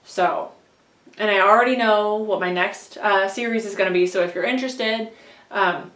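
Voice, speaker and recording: A woman's voice: mid-range voice, moderate pace, a bit bright. A woman vlogging casually about her audiobook reading, chatty and self-deprecating, laughing often. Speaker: book vlogger and audiobook reader. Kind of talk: casual rambling vlog. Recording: echoey room, voice a bit far from mic.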